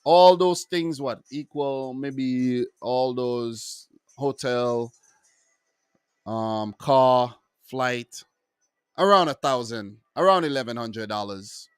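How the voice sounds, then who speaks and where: A man hosting his own football review channel, talking casually and loosely, full of asides and shout-outs to viewers. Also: medium pitch, slow, clear, resonant tone, no echo, studio quality. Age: adult with wife and three kids.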